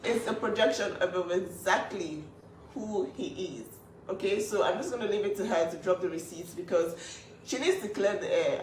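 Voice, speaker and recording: A woman from Nigeria speaking up for her younger sister, emphatic and indignant. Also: medium pitch. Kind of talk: emotional on-camera statement. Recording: echoey room, voice at a distance, faint hiss.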